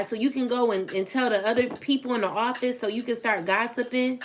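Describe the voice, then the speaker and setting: Reading tarot in a casual vlog, a woman talks to her viewers in a rambling, blunt, profane way. Her slightly high voice moves a little fast with few pauses, and a faint hiss or hum is audible.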